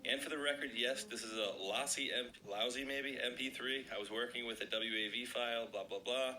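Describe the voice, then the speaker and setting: A man with a slightly raspy voice hosting an online video, chatting casually and reading an article aloud to his viewers. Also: medium pitch, steady tone, a little fast, sharp tone, a little hiss or hum, poor audio. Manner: chatty, addresses viewers as guys.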